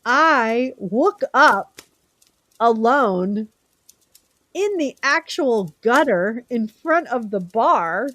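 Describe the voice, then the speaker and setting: A woman's voice: fairly high pitch, sing-song, very slow, fairly bright tone, no room sound. Chatty teasing woman streamer. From California. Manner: rambling, teasing, answering chat by name. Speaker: live stream host. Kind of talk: casual chat with viewers.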